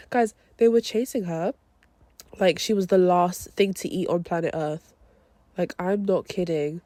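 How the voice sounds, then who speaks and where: Slangy, animated young woman. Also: mid-range voice, no echo. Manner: animated, swearing, slangy storytelling. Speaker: podcast host. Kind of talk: casual film review monologue.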